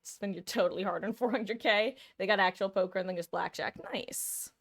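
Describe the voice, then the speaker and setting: A woman's voice: mid-range voice, fairly even intonation, fast, no echo. A woman streaming a game live, chatting casually, answering her chat and laughing often. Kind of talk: casual chat while gaming.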